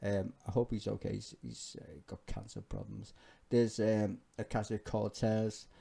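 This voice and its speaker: A man's voice: fairly low pitch, little pitch movement, unhurried, gravelly, warm tone, husky. A man giving ranting political reaction commentary, profane, heated and emphatic, often laughing as he talks. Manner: laughs often while talking.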